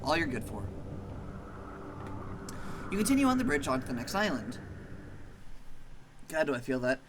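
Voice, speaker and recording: A streamer playing a narrative game, reading the text aloud and reacting in an expressive, profane way. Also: mid-range voice, moderate pace, background noise. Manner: expressive, swears a lot, swings between reading and reacting.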